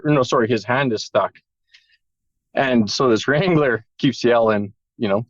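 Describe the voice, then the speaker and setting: A man's voice: mid-range voice, moderate pace, dry recording, highs cut off. A man telling an emotional personal story in a candid, casual way, with the odd swear word. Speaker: podcast guest.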